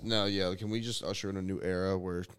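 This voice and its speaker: Low-voiced guy cracking puns on a sports podcast. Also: fairly even intonation, heavy background noise. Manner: jokey, quick with puns. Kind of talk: casual sports chat.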